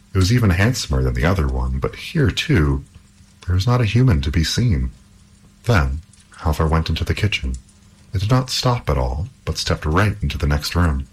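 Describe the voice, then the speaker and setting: A man reading an old folk tale aloud in an expressive storytelling manner. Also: a bass voice, husky, poor audio.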